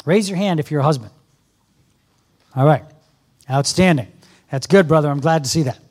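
A man's voice: on the high side, moderate pace, a little mellow. A man in his fifties giving an earnest sermon to a church congregation, exhorting the audience directly. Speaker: guest speaker. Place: church service with a live audience.

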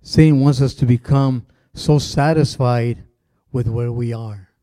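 A middle-aged pastor with a warm, mellow voice, preaching casually from the pulpit. He rambles through asides and fillers. The sound is dry and close, with no room echo. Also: medium pitch, fairly even intonation, measured pace. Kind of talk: conversational sermon.

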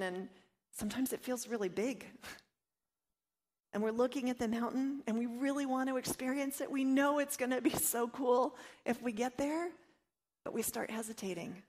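A woman giving an earnest devotional teaching, mixing personal stories with scripture and voicing her own inner doubts. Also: a little high. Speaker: Bible study teacher.

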